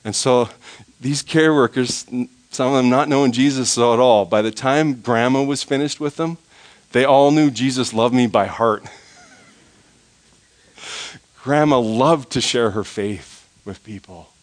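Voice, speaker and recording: A man preaching a sermon, swinging between soft, quiet passages and loud, high, forceful ones. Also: takes it slowly. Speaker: pastor.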